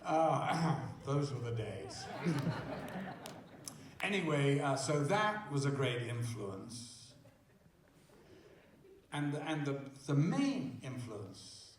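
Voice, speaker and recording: A man in his seventies telling amused, unhurried anecdotes as a guest at a theater Q&A. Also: mid-range voice, big pitch swings, slight background noise. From England. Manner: slow, amused storytelling. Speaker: guest actor. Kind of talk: stage Q&A anecdote. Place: theater auditorium. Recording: distant mic in echoey hall.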